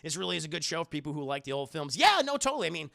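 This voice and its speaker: A young man recapping a show on a live stream, profane and animated, talking to his chat. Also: on the high side, rapid-fire, creaky, no room sound, clean studio sound.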